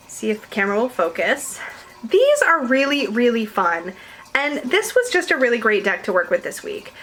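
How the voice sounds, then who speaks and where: Giggly woman rambling to her camera at home, kinda high voice, faint hiss behind. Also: a bit bright. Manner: chatty, giggly, rambling with fillers. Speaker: tarot vlogger reviewing decks. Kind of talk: casual chat to camera. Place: home room with her dog nearby.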